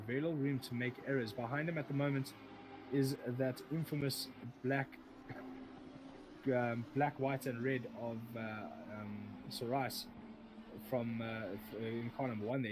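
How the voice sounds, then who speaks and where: A man's voice: mid-range voice, fairly even intonation, normal speed, background noise. A man giving live sim racing commentary, rambling, often correcting himself and joking as he goes.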